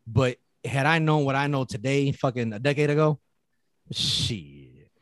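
A man in his thirties talking bluntly and profanely in casual chat, telling animated stories. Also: medium pitch, a little fast, dry recording. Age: 30s.

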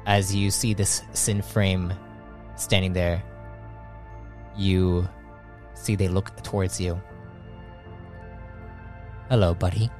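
A man narrating as game master of a tabletop game, halting and repeating words as he goes. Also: deep voice, little pitch movement, a little mellow, soft background music.

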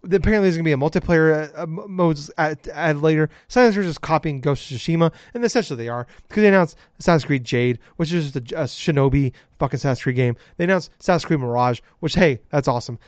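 A podcast co-host with a slightly high voice rants heatedly in casual chat, cursing often and sounding exasperated. The recording is dull, lo-fi and dry, with no echo.

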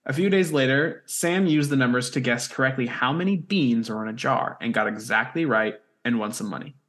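A man's voice: medium pitch, brisk, a bit bright. A man hosting a podcast, recapping an episode in casual chat, jokey and swearing freely. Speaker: podcast host.

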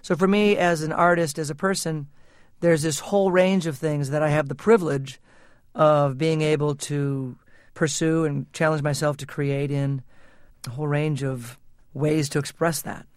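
Earnest middle-aged man, fairly high voice. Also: fairly even intonation, moderate pace, smooth, dry recording, clean studio sound. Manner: earnest, thoughtful, laughs easily. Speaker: musician guest. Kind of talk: reflective interview talk.

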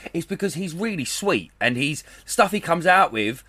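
A man's voice: on the high side, big pitch swings, sharp tone, husky. A young man, co-hosting a podcast in rambling, sweary casual chat. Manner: rambling, swearing, quick to laugh. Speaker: podcast co-host.

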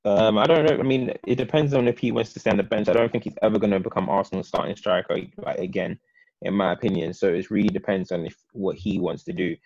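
A man co-hosting a casual football chat, talking in long, animated, opinionated runs. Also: on the low side, fast talker, dry recording, muffled recording.

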